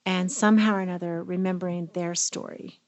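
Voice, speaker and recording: A woman's voice: fairly low pitch, fairly even intonation, a little fast. A middle-aged woman co-hosting a therapy podcast, talking reflectively and with emotion. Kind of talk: casual conversational podcast.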